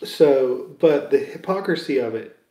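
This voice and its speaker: A man with a mellow, darker tone gives loose, opinionated commentary, circling his points in a hesitant way. His voice bounces around a roomy space with noticeable echo. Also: medium pitch, expressive, measured pace. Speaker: Star Wars news commentator.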